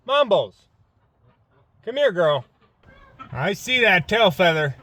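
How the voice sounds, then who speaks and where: A man with a fairly high, bright, forward voice hosts a casual homestead vlog. He coaxes his birds and dog in a gentle sing-song. Then he turns to the viewer and explains his farm methods in a relaxed, practical way. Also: takes it slowly, pauses often. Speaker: homesteader and channel host.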